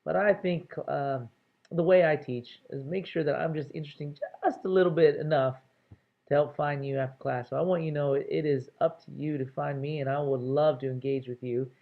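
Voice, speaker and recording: A man's voice: a little high, fairly even intonation, brisk, vocal fry. A male instructor giving a casual, chatty introduction to an online course, with many fillers. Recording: tinny phone-like audio.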